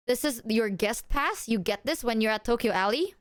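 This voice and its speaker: A woman streamer chatting to her viewers, excitable and apologetic as she shows off gifts. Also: fairly high pitch, brisk, clean tone, no echo, studio quality. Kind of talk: casual stream chat to viewers.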